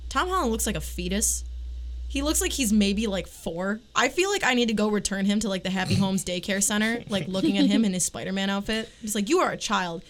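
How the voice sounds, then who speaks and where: A woman co-hosts a casual panel chat. She is opinionated and animated, and she pushes her point with lots of "like" fillers and acted-out asides. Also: medium pitch, brisk.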